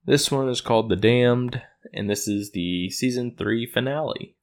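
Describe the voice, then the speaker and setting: A man's voice: medium pitch, measured pace. A man casually recapping episodes of a show, rambling, correcting himself and chuckling as he goes. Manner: rambling, self-correcting, chuckles at own retelling.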